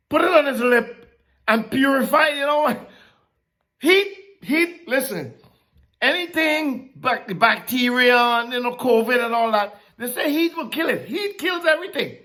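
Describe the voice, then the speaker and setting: A preacher giving a casual, animated sermon, laughing often and slipping in slangy asides. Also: medium pitch.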